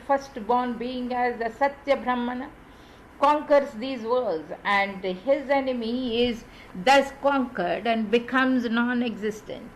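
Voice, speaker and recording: A woman reading scripture aloud in a measured, deliberate way, with small slips and restarts. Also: a little high, a little hiss or hum, poor audio. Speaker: reader of scripture.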